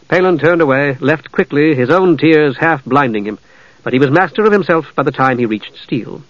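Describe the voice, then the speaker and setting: A man narrating a fantasy audiobook in a measured, even storytelling voice. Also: a little high, no echo. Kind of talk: scripted narration. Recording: dull lo-fi dry audio.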